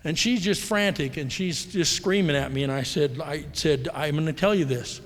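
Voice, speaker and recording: A man's voice: fairly high pitch, moderate pace. Candid middle-aged man telling his story in a hall. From United States. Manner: candid, rambling, acts out quoted voices. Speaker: speaker at a recovery convention. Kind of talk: personal storytelling talk. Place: large hall. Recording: live hall recording with long reverb.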